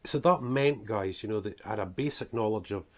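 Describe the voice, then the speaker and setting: A man's voice: on the low side, brisk. A man from northeast Scotland with a toned-down Scottish accent, an author and preacher talking casually to camera, rambling with lots of "you know" and "guys". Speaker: author and preacher presenting his book series.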